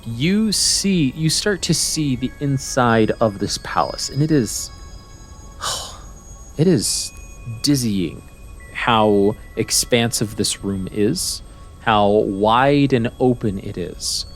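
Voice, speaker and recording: A man runs a tabletop game and paints the scene slowly, pausing to hunt for the right word. His pitch sits in the middle of the male range. Soft music plays faintly in the background. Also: lively intonation. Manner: descriptive, unhurried, searching for words. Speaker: game master.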